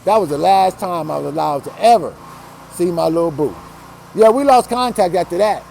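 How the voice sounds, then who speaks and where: Animated, high-voiced storytelling man. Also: fairly quick, vocal fry, a little hiss or hum. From Los Angeles. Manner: animated, profane, swinging from hushed to loud. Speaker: storytelling host. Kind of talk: casual personal storytelling.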